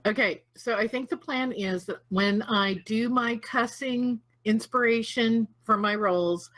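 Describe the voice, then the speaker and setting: A woman playing a tabletop game online, chatty and apologetic, quick to laugh at herself. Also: a little high, a bit bright, rough recording. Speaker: player. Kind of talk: casual tabletop game play.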